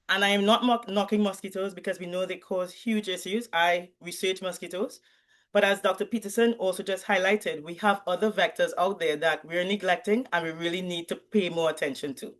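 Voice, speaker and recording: Woman, academic presenter, clear explanatory delivery, video call audio. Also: lowish voice. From Trinidad and Tobago. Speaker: university lecturer presenting research.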